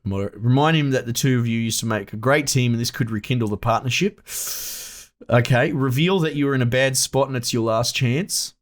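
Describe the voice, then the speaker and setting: A man commentating a game he plays, reading its choices aloud and thinking out loud, excitable and self-amused. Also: mid-range voice, normal speed. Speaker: gameplay commentator.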